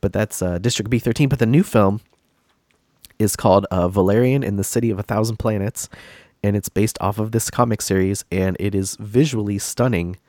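A man's voice: on the low side, fairly quick, darkish tone, no echo, clean studio sound. A man hosting a casual gaming podcast, stuffy and congested from a cold, rambling with many fillers and restarts. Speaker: podcast host.

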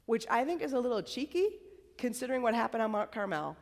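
A woman preaching a sermon at a college worship service in a conversational, chatty way, sometimes dropping to a soft whisper. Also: fairly high pitch, animated, fast talker, in a large hall. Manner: conversational, chatty, tag questions and "like"; drops to a soft whisper for emphasis. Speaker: campus preacher.

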